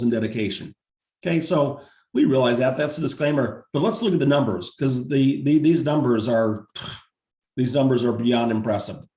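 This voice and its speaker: Salesy guy hyping numbers on a zoom call, getting hoarse, kinda echoey. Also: mid-range voice, darkish tone. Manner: upbeat, salesy, repeats numbers for emphasis. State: losing his voice. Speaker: team leader presenting a pay plan. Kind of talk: sales pitch on a video call.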